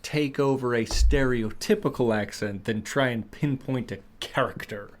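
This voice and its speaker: A man with a Midwestern American accent co-hosting a podcast, playful and bantering in casual studio chat. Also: medium pitch. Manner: playful, quick banter, laughing. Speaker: podcast co-host.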